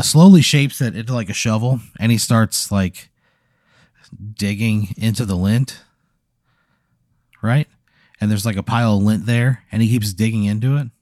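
Mellow man spinning an improvised story. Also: lowish voice, dry recording, clean studio sound. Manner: meandering, lots of "like", throat clearing. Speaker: comedy podcast host.

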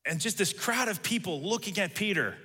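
Male preacher, casual sermon delivery, bright tone, big reverberant room. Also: high voice, lively intonation, fairly quick, husky. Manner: conversational, acts out quoted lines. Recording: reverberant hall.

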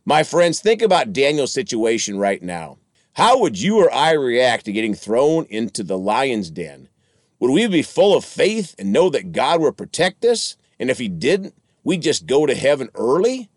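A man preaching through a Bible passage, his voice sitting in a middle register. He moves his pitch around a lot as he reads and comments, addressing his listeners as friends. The sound is close and dry. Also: very animated, unhurried, no echo.

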